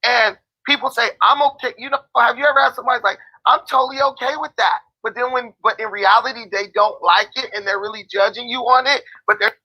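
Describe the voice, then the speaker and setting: A man's voice: very high-pitched, fairly even intonation, fast talker, few pauses, pushed and bright, low-quality recording. A man speaking as a guest on a livestream panel, hesitant and stumbling over his words.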